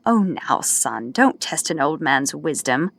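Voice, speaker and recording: A woman's voice: low voice, very animated, measured pace, vocal fry, a bit bright, dry recording, exaggerated voice. A woman voicing a jovial, teasing older man in an audiobook, boastful and folksy, with faint music behind. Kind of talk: audiobook character voice.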